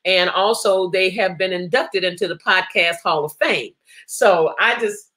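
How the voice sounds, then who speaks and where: Bright-voiced woman hosting a live chat. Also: medium pitch. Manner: chatty, laughs often, many restarts. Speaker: host of a live online show. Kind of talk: casual live-stream chat reading comments.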